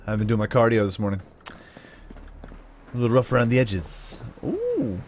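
A man's voice: fairly low pitch, fairly even intonation, brisk, slight background noise. A man giving let's play commentary as a gaming channel host, joking and teasing the game characters.

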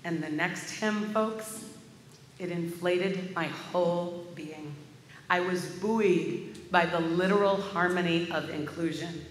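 A woman's voice: on the low side, slow pace, slight background noise. A woman minister delivering a sermon as a vivid personal story. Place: large church sanctuary. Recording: echoey hall with faint ambience.

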